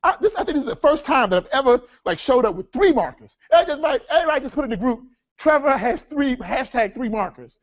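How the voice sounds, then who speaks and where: Man, high voice, lively seminar presenter, dull lo-fi room sound. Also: very fast, few pauses. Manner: energetic, addresses audience as folks, asks rhetorical questions. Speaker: seminar speaker. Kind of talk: live workshop teaching.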